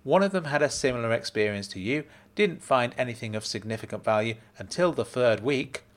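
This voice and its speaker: A man's voice: medium pitch, expressive, fairly quick, close to an everyday voice. A man reading a story, voicing a breezy, upbeat woman researcher in a raised, chirpy voice. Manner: bright, chirpy, casual.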